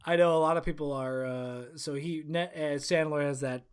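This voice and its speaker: Man, slightly higher voice, rambling podcast co-host talking movies. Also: steady tone, moderate pace, clean tone. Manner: rambling, many fillers and restarts. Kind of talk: casual podcast chat.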